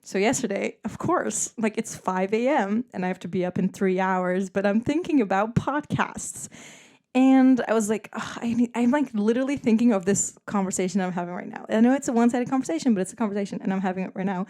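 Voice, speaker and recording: A woman's voice: medium pitch, a little fast, warm tone. A young woman from the Netherlands hosting a solo podcast, chatting casually and rambling with lots of "like" and frequent laughter. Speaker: podcast host.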